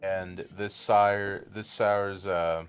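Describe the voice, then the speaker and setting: A low-voiced man talking bluntly and crudely while streaming, rambling on through his stories. Soft game music hums underneath. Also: level tone, very slow, smooth. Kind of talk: casual chat.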